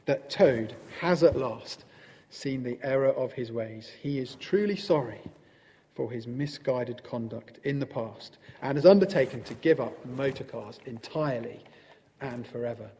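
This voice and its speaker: A man voicing a stern but kindly old male badger from a storybook, severe and measured. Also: mid-range voice, dark tone, long reverb tail, natural voice. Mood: solemn.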